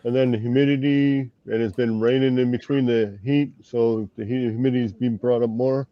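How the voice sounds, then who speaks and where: A man's voice: steady tone, normal speed, no room sound. Hesitant man on a dry lo-fi line. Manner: hesitant, low-key. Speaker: guest. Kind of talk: casual chat.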